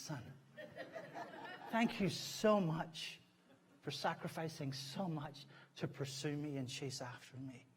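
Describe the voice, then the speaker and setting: Middle-aged man, guest preacher, higher voice, heartfelt, loud then hushed. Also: a little hiss or hum. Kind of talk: sermon. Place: church sanctuary.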